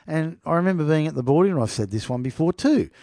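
A man's voice: a little high, animated, fast talker, dark tone, dry recording, studio quality. A middle-aged man hosting a podcast, telling travel stories in a rambling way and reading from an article, often repeating "people" for emphasis. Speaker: podcast host. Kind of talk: casual monologue and article reading.

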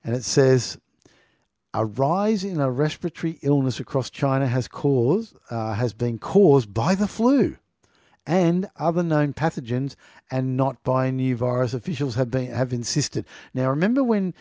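A man's warm, mellow voice carries casual, sarcastic commentary as he reads the news aloud. He laughs easily and trips over technical words. The sound is dry and close, with no room around it. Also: mid-range voice, lively intonation, moderate pace, no echo.

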